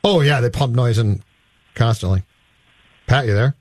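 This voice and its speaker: A man's voice: mid-range voice, moderate pace, darkish tone, slight background noise. A man hosting a sports radio show in the studio, casual and jokey. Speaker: radio host.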